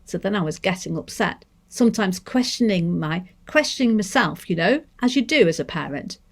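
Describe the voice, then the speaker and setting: A woman's voice: mid-range voice, animated, moderate pace. A woman from Manchester reading aloud the words of an angry young Scottish mother, with a Scottish lilt and a heated, self-questioning manner. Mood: resentful.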